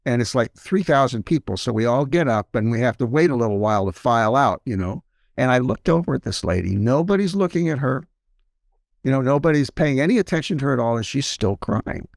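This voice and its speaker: A man, a guest on a talk show, telling an anecdote in a relaxed, conversational way that keeps leaning on "you know". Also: medium pitch, brisk, gravelly, no echo, clean studio sound. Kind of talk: conversational storytelling.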